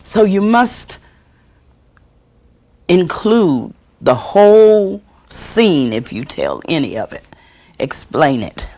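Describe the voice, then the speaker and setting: A woman storyteller teaching a workshop and answering audience questions, expressive and deliberate, acting out the voices she quotes. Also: lowish voice. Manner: slow, deliberate delivery with chuckles.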